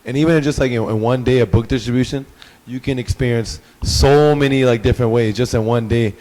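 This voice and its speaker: A man's voice: mid-range voice, fairly even intonation, brisk, darkish tone, in a large hall, poor audio. A young man eagerly telling a story in slangy, casual talk, peppered with "like" and "bro". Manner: slangy, laughing, full of "like" and "bro". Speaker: class participant. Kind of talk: animated storytelling.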